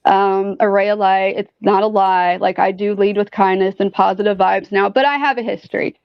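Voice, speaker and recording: A woman guest telling a story in casual chat, animated and profane, with many fillers. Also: mid-range voice, moderate pace, creaky, clear, resonant tone, dry recording. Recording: dull lo-fi sound.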